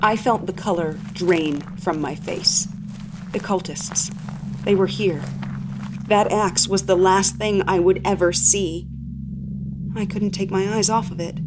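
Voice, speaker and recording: A woman's voice: mid-range voice, fairly even intonation, unhurried, noisy background. Woman narrating a horror story. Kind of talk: scripted first-person horror narration.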